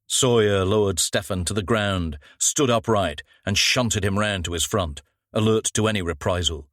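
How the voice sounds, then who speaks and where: A man narrating an audiobook crime thriller in a measured, even way on a close mic. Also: low voice, no room sound. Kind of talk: scripted narration.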